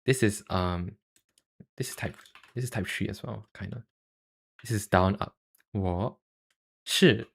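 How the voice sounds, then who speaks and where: A man streaming, chatting casually about language tones in a halting way, with many fillers and self-deprecating asides. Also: fairly low pitch, creaky, breathy edge. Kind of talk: casual livestream chat.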